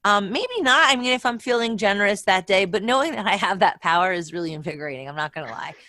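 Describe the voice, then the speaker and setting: A woman's voice: medium pitch, quick pace, sharp tone, dry recording, clean studio sound. A woman co-hosting a podcast, chatting casually with a wry, self-mocking sense of humor. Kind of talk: casual video-call chat.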